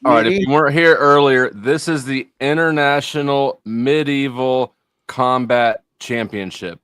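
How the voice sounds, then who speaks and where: A man's voice: mid-range voice, unhurried, fairly bright tone, smooth, no echo. A man commentating casually on a video during a livestream and pointing out the action with enthusiasm.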